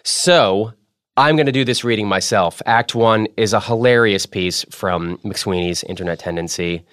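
A man's voice: lowish voice, moderate pace, a bit bright, no echo, clean studio sound. A man hosting a podcast in a casual chat style, playful and self-mocking as he jokes with his producer. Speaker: podcast host.

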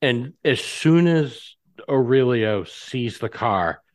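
A man co-hosting a podcast, talking about a favorite film with excitement and frequent swearing. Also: medium pitch, slow pace, no echo. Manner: animated, excited, swears freely. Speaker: podcast co-host. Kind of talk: casual movie discussion.

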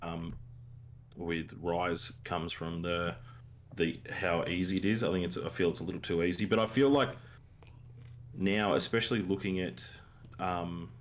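A very deep-voiced Australian man chatting about video games on a podcast, excitable and full of laid-back slang. A faint hiss of noise sits under his voice. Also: measured pace. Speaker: podcast co-host. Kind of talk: casual gaming chat.

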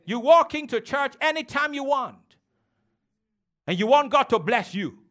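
High, bright-voiced male pastor preaching. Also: animated, measured pace. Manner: emphatic call-and-response preaching; teasing, laughs with congregation. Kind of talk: sermon.

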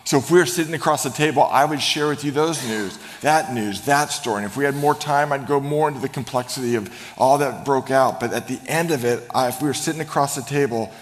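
A male pastor giving a sermon in a church sanctuary, telling the story with light humor and dropping to a hush for emphasis. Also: medium pitch, brisk, few pauses, slight background noise. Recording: long reverb of a large hall.

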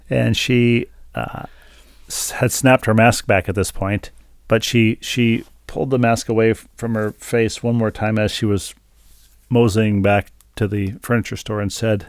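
Low gravelly man, dry wry storyteller. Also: fairly even intonation, measured pace, no echo. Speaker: podcast co-host. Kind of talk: casual chat.

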